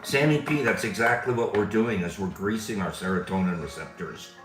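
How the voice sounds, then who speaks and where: A man's voice: on the low side, fairly quick, echoey room, music in the background, low-quality recording. A man hosting a live show who talks casually about recovery and laughs easily. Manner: laughs often, easily cracks up. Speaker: livestream host.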